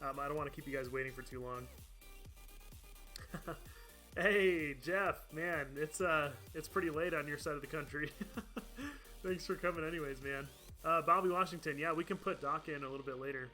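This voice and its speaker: A man's voice: a little high, normal speed, bright, forceful tone, soft background music. A man streaming a video game live, chatting casually, laughing often and thanking viewers by name. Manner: chatty, laughs often, reads out chat names and thanks donors. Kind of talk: casual live-stream chat over gameplay.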